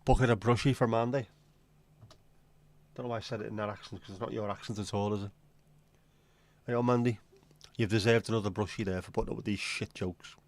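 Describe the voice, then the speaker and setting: A man's voice: fairly low pitch, fairly even intonation, fast. A man hosting a livestream, chatting casually and rambling from one joke to the next as he addresses his viewers. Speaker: livestream host.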